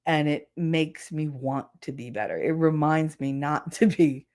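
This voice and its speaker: A middle-aged woman hosts a casual livestream chat in a low, steady, darkish voice at a measured pace. Reading the live chat as a podcast host, she's irreverent and profane, laughing often and acting out quotes.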